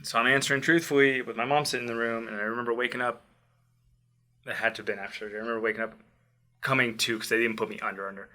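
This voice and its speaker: A young man casually telling a personal story, acting out quotes and dropping quiet in tense moments. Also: fairly low pitch. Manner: animated, acts out quotes loudly then drops to quiet. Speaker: podcast host telling a story.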